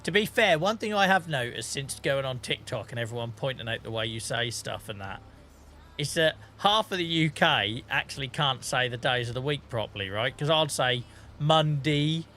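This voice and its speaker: A man's voice: medium pitch, expressive, normal speed, pushed and bright, a little hiss or hum. A man with a Norfolk accent chatting casually with his live-stream chat while playing, laughing often and reading out messages. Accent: Norfolk English. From England. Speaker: game streamer.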